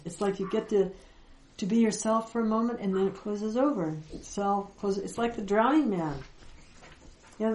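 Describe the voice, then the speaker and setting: A woman giving a reflective spiritual teaching talk, gentle and unhurried, with soft laughs and pauses. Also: mid-range voice, echoey room, low-quality recording. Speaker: Vedanta teacher.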